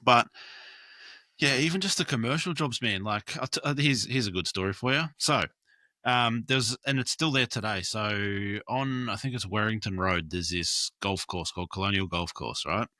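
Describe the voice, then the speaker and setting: Rambling man, low bright voice. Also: moderate pace, no room sound. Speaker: graffiti and mural artist, guest. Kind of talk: casual chat.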